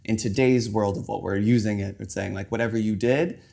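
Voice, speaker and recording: A young man talks casually while he cooks. His voice sits on the low side, and he explains as he goes, with plenty of "like" and "um". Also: steady tone, brisk, gravelly, dark tone. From New York. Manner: chatty, explaining as he cooks, many fillers like "like" and "um". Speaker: chef and cookbook author guest. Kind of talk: casual chat while cooking.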